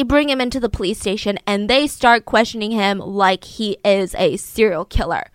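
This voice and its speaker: A woman casually retelling a true crime story, animated, acting out the people she quotes. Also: moderate pace, few pauses, clear, resonant tone, dry recording. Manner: animated, acts out quotes with raised pitch and volume.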